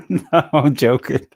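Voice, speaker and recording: A man's voice: mid-range voice, gravelly, husky. A man hosting a casual livestream chat, rambling and self-deprecating, joking about himself as he goes. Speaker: livestream host.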